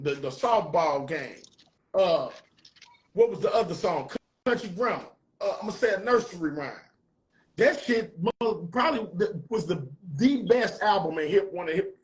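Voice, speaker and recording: Animated high-voiced St. man. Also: rough recording. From north side of St. Louis. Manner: animated, profane storytelling. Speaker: host. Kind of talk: casual conversation.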